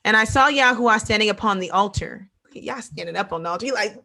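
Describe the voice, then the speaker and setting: A woman with speech preaches a Bible lesson in a lively, animated way. Her voice sits a little high, and she slips into quoted voices and hammers home repeated phrases. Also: quick pace, few pauses. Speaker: Bible teacher. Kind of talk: sermon teaching.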